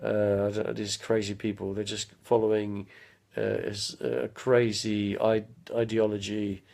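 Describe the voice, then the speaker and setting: Gravelly man chatting on a home live stream. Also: on the low side, flat delivery, a little slow, a little mellow. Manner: chatty, drifting between anecdotes, bursts into impressions and song. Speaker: vlogger chatting to live viewers. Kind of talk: rambling live-stream chat.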